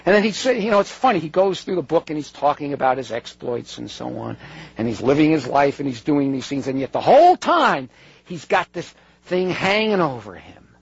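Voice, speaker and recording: Gravelly high-voiced man giving an earnest talk. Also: big pitch swings, brisk, no room sound. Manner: digressive, self-interrupting, earnest. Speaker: speaker addressing an audience. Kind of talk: conversational talk with read-out quotes. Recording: dull lo-fi recording.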